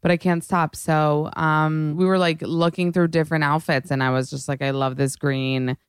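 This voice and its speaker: A young woman hosting a podcast, chatting casually and excitedly, with lots of swearing and filler words. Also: sits low, clear, resonant tone, no echo, studio quality. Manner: gushing and fast, heavy swearing and "like". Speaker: podcast host. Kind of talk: casual chat.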